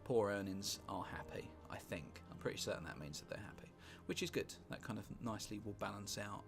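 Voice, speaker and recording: A British man talks through a strategy game in a relaxed, rambling way, musing aloud and dropping wry, sweary asides. His voice is low and gravelly. Music plays clearly beneath him throughout. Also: fairly quick. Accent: British English. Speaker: gameplay commentator. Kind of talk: casual let's-play commentary. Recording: music playing underneath.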